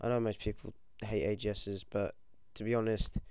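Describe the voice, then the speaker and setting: A British teenage boy giving casual, excitable commentary over his own game, swearing often and yelping when things go wrong. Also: lowish voice, normal speed, clean tone, no echo, clean studio sound. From United Kingdom. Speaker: gaming commentator.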